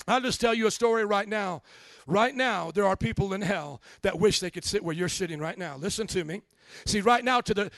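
A man with a notably high voice preaches with fervor, throwing rhetorical questions at his congregation and rising to shouts. The sound is close and dry, with little room around it. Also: no echo. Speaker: pastor. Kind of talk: sermon.

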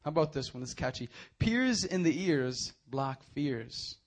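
A young man preaching a sermon, moving from hushed, earnest appeals to loud, animated storytelling. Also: on the high side, a little slow.

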